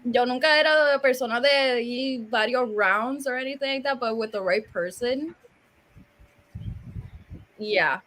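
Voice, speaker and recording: A woman's voice: on the high side, a little slow, pauses often, fairly bright tone. A woman with a Puerto Rican accent, co-hosting a casual chat, joking and switching between English and Spanish. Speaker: podcast co-host.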